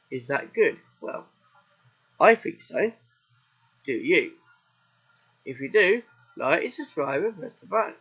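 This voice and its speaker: A man's voice: a little high, a bit bright, slightly rough, muffled recording. A British man with a sore throat, chatting casually through a farming game as its host, rambling and answering his own questions. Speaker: let's play host.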